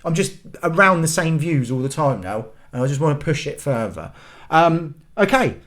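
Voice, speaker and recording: A man's voice: fairly high pitch, sing-song, moderate pace, fairly bright tone. Bloke ranting on his channel, swears a lot, voice jumps all over. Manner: exasperated, sweary, rambling. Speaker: channel host. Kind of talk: ranting vlog monologue.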